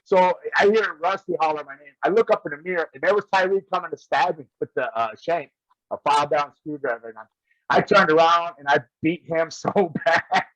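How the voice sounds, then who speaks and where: A man with a fairly high voice tells rambling stories and breaks into laughter again and again. The sound is dry and a bit dull, like a lo-fi recording. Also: brisk, a bit bright, no room sound. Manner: laughs often while telling stories. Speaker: guest wrestler. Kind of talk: casual storytelling.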